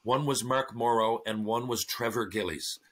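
A man telling a wild story on a podcast, casual and animated, swearing freely. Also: mid-range voice, normal speed. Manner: profane, animated anecdote-telling. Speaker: podcast guest.

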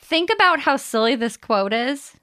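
A woman's voice: high voice, animated, moderate pace, pushed and bright, no room sound, clean studio sound. A woman co-hosting a casual podcast chat, running a quote quiz in a teasing, giggly way and giving playful hints.

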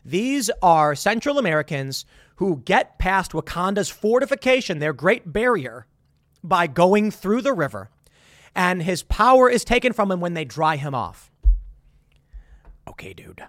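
A man delivers an incredulous, sarcastic movie rant in a high, lively voice that swings up and down. He stumbles and restarts as he goes. The sound is dry and close, with no room around it. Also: unhurried, dry recording. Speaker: commentator. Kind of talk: opinionated movie commentary.

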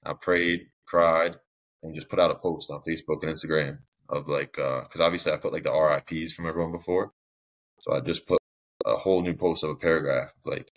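A man's voice: extremely low pitch, fairly even intonation, a little fast. A young man telling his own story as a podcast guest, candid and rambling, with many restarts and fillers.

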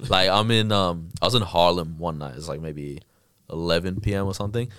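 A young Australian man telling stories in casual podcast chat, loose and relaxed, with many "like" fillers. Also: low voice, brisk, clear, resonant tone, dry recording, clean studio sound. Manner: relaxed storyteller, full of "like" fillers. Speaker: podcast co-host.

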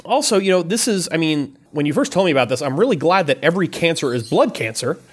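Joking podcast co-host, sarcastic, very lively pitch. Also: breathy edge. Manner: joking, sarcastic, quick asides. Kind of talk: casual chat.

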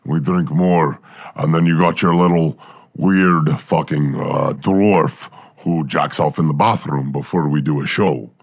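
A man voicing a gruff male talking bear, a failed war experiment, in an improvised comedy podcast. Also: extremely low pitch, measured pace, no room sound, studio quality, full character voice.

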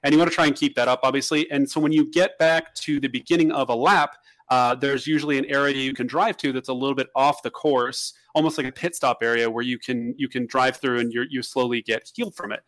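A man's voice: medium pitch, fairly even intonation, fast talker, fairly bright tone. A man co-hosting a casual podcast, talking at length in a rambling way with many restarts. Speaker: podcast co-host. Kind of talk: casual chat.

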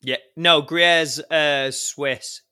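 A man trades quick, teasing quips in a relaxed podcast chat. His voice sits a little high and sounds bright and forward. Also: clean tone. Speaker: podcast co-host. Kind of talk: casual banter.

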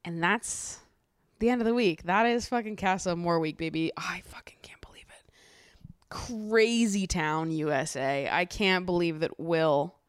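A young woman hosting a podcast, recapping reality TV in an animated, exasperated way, swearing and laughing often. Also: fairly low pitch, unhurried, clean tone, no echo, studio quality. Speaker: podcast host.

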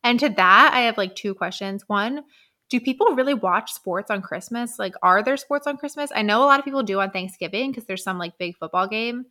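A woman co-hosting a casual book podcast, chatting wryly with quick, joking asides. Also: medium pitch, bright, forceful tone. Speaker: podcast co-host. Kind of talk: casual book-club chat.

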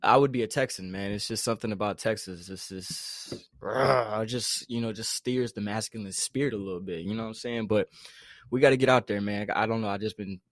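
A man's voice: on the low side, brisk, no echo, clean studio sound. A young man from the Carolinas co-hosting a podcast in casual, slangy chat, often laughing. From North Carolina. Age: young adult. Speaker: podcast co-host.

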